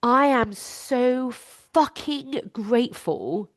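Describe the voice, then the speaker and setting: A woman's voice: medium pitch, slow, dry recording, studio quality. A woman, a life coach hosting her own podcast, talking candidly and emphatically, swearing freely.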